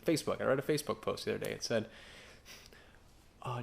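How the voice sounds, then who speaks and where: A man's voice: on the low side, quick pace, creaky, long pauses. Man preaching with rhetorical questions. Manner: conversational, asks the congregation rhetorical questions. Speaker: pastor. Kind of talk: sermon.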